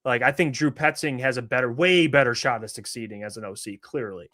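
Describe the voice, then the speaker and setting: A man's voice: mid-range voice, fairly quick, bright, forceful tone. A man hosting a sports talk show, giving blunt, skeptical opinions in casual chat with frequent restarts.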